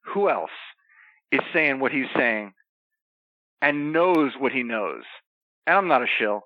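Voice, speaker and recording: A man telling rambling, profane wrestling stories in a casual chat, animated and quick to jump from one tangent to the next. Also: mid-range voice, no room sound. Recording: slightly dull, dry sound.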